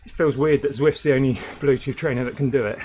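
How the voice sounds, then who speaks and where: Man chatting mid-race, breathy. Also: medium pitch, steady tone, fast, darkish tone, a little hiss or hum. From United Kingdom. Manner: chatty, laughs often, banters with viewers. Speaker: livestreamer racing on an indoor trainer. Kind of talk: casual chat while racing.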